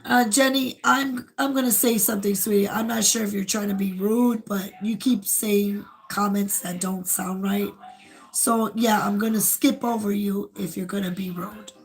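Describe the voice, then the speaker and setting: Hoarse woman chatting on a livestream. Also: mid-range voice, fairly even intonation, moderate pace, poor audio. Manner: rambling, many fillers. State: hoarse, losing her voice. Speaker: host. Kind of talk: casual livestream chat.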